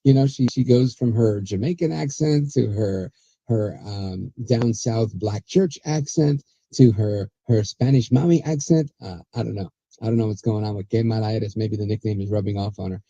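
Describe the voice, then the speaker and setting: Gravelly dark-voiced male commentator. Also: lowish voice, normal speed, dry recording, lo-fi sound. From USA. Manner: chatty, sarcastic, rambling with restarts. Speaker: political talk show host. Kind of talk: casual political commentary.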